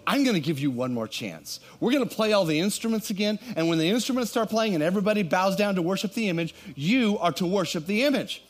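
A furious ancient king snaps out blunt orders and threats in a high, bright voice, as a preacher acts him out. He stays commanding and stern throughout. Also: animated, fast, few pauses. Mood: stern, threatening. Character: angry ancient male king issuing threats.

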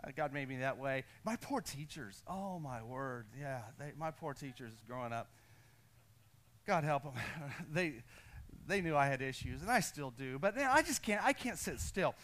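High-voiced energetic American pastor. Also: male voice, moderate pace. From United States. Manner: energetic, restless, self-deprecating, calls on the congregation. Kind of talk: sermon with personal story. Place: church sanctuary.

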